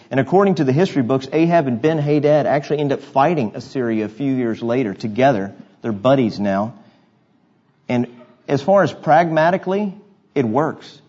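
A pastor with a husky, slightly breathy, medium-pitched and somewhat mellow voice preaches an expository sermon, alternating scripture reading with conversational asides. He repeatedly poses rhetorical questions to his congregation, and the recording sounds dull and lo-fi.

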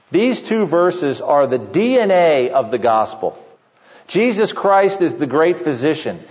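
Pastor guy preaching, kinda high voice, long echo off the hall, slightly muffled. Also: darkish tone. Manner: emphatic preaching, often slowing for stress. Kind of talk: sermon.

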